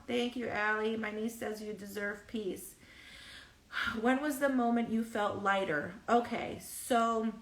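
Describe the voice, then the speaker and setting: A woman's voice: mid-range voice, a bit bright, echoey room, distant mic, rough recording. A woman hosting a solo podcast, talking candidly and emotionally, laughing often and acting out what others said. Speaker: podcast host.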